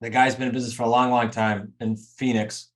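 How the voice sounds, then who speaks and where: A man's voice: medium pitch, flat delivery, fairly quick. A man coaching a group over a video call, talking emphatically and straight to his students. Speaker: real estate coach.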